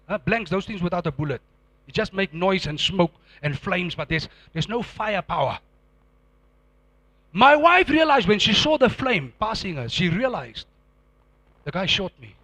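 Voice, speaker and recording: A middle-aged man, preaching a sermon and telling a dramatic testimony, acting out scenes with sudden loud outbursts. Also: sits high, sing-song, measured pace, long pauses, no room sound.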